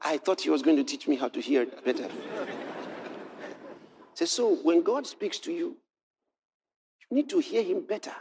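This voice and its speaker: A man preaching a sermon. He moves from quiet storytelling to shouted exhortation and quotes scripture in old-fashioned wording. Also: fairly high pitch, sing-song, brisk, slight background noise.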